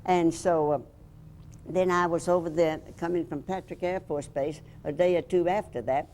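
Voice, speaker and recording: An older woman from Alabama, telling lively stories about her past as a radio host and reporter in an interview. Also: sits low, slight background noise. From Alabama, USA. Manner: lively storyteller who acts out the voices in her anecdotes. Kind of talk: storytelling reminiscence.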